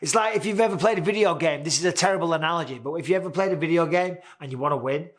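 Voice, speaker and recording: A man's voice: on the high side, very fast. A man in his forties hosting a casual, candid sports commentary, chatty and swearing now and then. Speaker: host.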